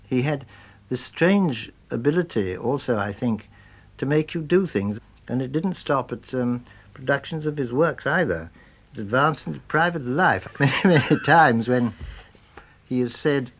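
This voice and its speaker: A man recalling a friend thoughtfully, often hedging and pausing on uh and I think. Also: medium pitch, expressive, dull audio, slight background noise. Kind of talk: spoken reminiscence.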